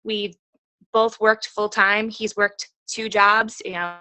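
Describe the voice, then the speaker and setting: A woman in her thirties telling her own story on a group call, earnest and halting, with frequent restarts. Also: mid-range voice, level tone, sharp tone, no room sound, rough recording. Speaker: team coach sharing her story. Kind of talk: personal testimonial on a group call.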